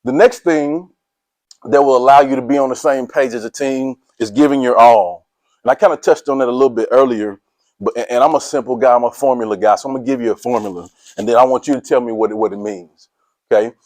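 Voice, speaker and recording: Middle-aged male motivational speaker, casual and energetic, quizzes the team, mid-pitched voice, no room echo. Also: fast. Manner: energetic, casual slang, quizzes listeners, laughs often. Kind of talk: motivational talk to a sports team.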